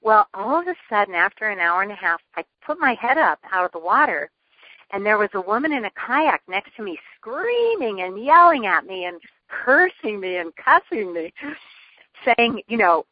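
A woman guest telling a personal story in an interview, earnest and lively, laughing often. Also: mid-range voice, normal speed, no room sound. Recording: dull lo-fi phone line.

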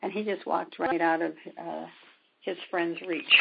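A woman guest speaking of her healing work, retelling events with quoted dialogue and many pauses and ums. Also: lowish voice, little pitch movement, heavy background noise. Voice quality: gravelly, husky. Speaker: spiritual healer guest. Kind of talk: storytelling in a conversation. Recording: dull lo-fi sound.

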